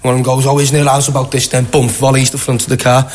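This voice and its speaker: A man's voice: mid-range voice, fast talker. Man, young adult, Scouse accent, guest, chatty storyteller, does voices for people in the story. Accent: Liverpool. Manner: rambling, animated anecdote with quoted voices. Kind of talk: casual storytelling.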